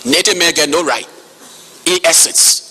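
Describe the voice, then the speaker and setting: A man in his fifties with a Liberian accent giving impassioned public testimony, forceful and repeating key words for emphasis. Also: a little high, moderate pace, a little hiss or hum. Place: hall.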